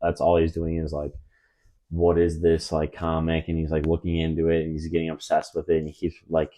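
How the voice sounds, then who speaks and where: A man's voice: a bass voice, monotone, fast, background noise. A young man co-hosting a podcast, retelling a story in a loose, rambling way with lots of fillers and restarts. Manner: rambling, many fillers and restarts, drops into mock voices for quotes. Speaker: podcast co-host. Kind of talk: casual storytelling chat.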